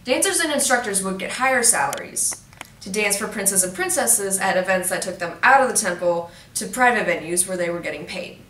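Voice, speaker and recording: Woman host, playful and teasing in her asides, with a bright tone, recorded from a distance. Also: medium pitch, animated, a little fast, slight background noise. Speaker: presenter. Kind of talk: jokey educational explainer. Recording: roomy echo, mic at a distance.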